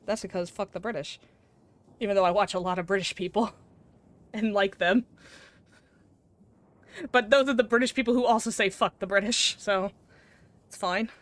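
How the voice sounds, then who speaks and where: A woman's voice: medium pitch, a bit bright, dry recording. A young adult woman chatting casually and teasing her chat while playing a game live, laughing often. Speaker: gaming streamer.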